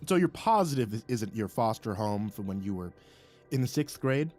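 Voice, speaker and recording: A man's voice: lowish voice, sing-song, moderate pace, a little mellow, soft background music. A man voicing a flustered, apologetic male spirit guide who talks in fumbling, hesitant bursts. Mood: earnest.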